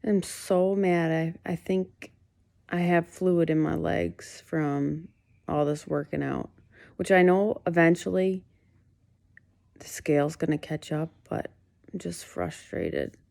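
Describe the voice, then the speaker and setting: A woman's voice: low-pitched, fairly even intonation, slow pace, creaky, a little mellow. A woman in her late thirties talking candidly in a casual home vlog, venting her frustration. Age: late 30s. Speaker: fasting vlogger. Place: at home, in bed.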